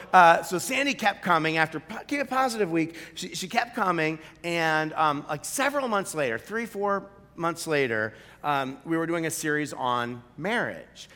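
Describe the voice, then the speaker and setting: A man preaching a sermon, telling a story with animated delivery and acting out the people in it. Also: a little high. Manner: animated storytelling, acts out quoted voices. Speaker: pastor. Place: large church hall. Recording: long hall reverb.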